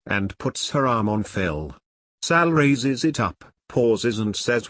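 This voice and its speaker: A man narrating a crude comic story in a wry, deadpan way. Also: medium pitch, slow, no room sound.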